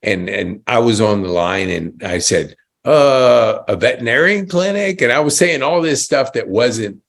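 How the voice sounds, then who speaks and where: A man's voice: medium pitch, lively intonation, normal speed, vocal fry. A man hosting an interview, enthusiastic and rambling, often restarting his sentences. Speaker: podcast host. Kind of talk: casual interview chat.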